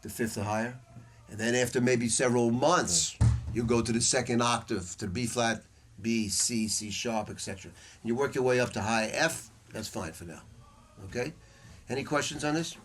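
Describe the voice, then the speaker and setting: An older man runs a saxophone masterclass in a music store, talking in a loose, blunt way with slang. His voice sits at an ordinary pitch. A faint noise runs under the recording. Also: normal speed. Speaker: saxophone teacher leading a masterclass. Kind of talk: informal masterclass teaching. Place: music store room with students.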